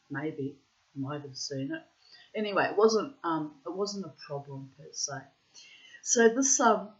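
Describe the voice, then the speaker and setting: A middle-aged woman, telling a rambling anecdote in casual chat, full of asides. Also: fairly low pitch. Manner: chatty and rambling, with frequent asides. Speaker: storyteller. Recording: dull lo-fi recording.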